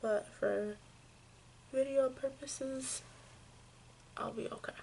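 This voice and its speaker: A woman giving a makeup tutorial, explaining each step slowly and gently, with frequent fillers. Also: sits high, steady tone, gravelly, a little hiss or hum. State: hiccups. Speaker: makeup vlogger.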